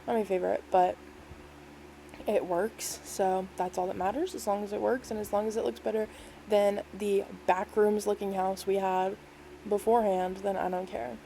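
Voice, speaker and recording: A woman's voice: mid-range voice, little pitch movement, moderate pace, vocal fry, warm tone, slight background noise, poor audio. A woman casually narrating a voice-over walkthrough of a game build, rambling and easygoing, with lots of "like" and "um". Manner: rambling, filler-heavy, lots of "like" and "um"; self-deprecating, easygoing.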